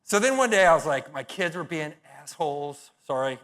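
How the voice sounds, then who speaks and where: A man's voice: a little high, sing-song, moderate pace, a bit bright. A middle-aged man giving a conference talk, telling stories in a punchy, blunt way with profane, self-mocking humor. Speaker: conference speaker.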